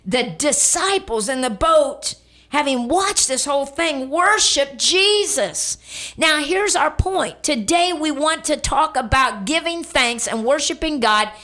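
A woman's voice: high voice, expressive, slow pace, bright, forceful tone. A middle-aged woman preaching a radio sermon, telling a story and repeating lines for emphasis, calling on listeners to respond.

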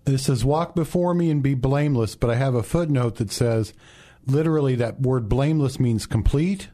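Mellow-voiced pastor explaining scripture. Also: male voice, mid-range voice. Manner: halting, explanatory. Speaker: pastor and co-host. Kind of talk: conversational Bible explanation.

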